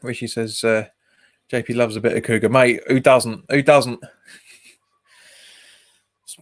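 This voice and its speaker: A man's voice: mid-range voice, unhurried, pauses often. A man, hosting a football watch-along stream, chatting casually, laughing often and reading out viewer comments. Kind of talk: casual live commentary and chat.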